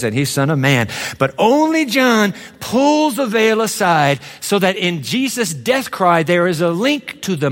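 A man preaching a sermon with dramatic swings from low murmurs to high exclamations. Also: in a large hall.

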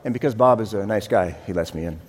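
A man's voice: on the low side, fast talker, slightly rough. A man preaching a sermon as pastor, in a conversational, wry manner. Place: church sanctuary. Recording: reverberant hall.

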